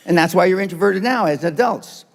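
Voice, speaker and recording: Gravelly older man lecturing bluntly. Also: sits high, animated, a little fast. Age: 70s. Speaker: motivational speaker. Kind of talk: live seminar speech to an audience. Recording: long hall reverb.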